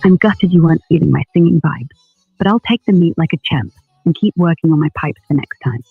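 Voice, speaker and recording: A man's voice: on the high side, brisk, vocal fry, breathy edge, no room sound, narrow, tinny audio, faint music behind. A synthetic male voice with a Northern English accent, an AI co-host bantering in a cheeky, chummy way. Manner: chummy, cheeky, calls people mate. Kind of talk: casual banter.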